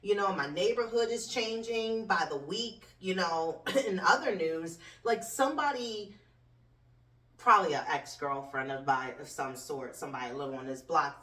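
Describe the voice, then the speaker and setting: A woman hosting her own show, ranting bluntly and swearing with sharp swings in tone. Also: fairly low pitch. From United States. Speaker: host. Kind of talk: profane comedic rant. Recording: roomy echo, distant from mic.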